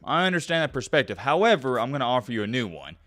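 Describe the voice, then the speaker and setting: A young man hosting his own college football channel, talking straight to viewers in a hyped, animated way. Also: mid-range voice, fast, no echo. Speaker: sports YouTuber host. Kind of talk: energetic college football commentary.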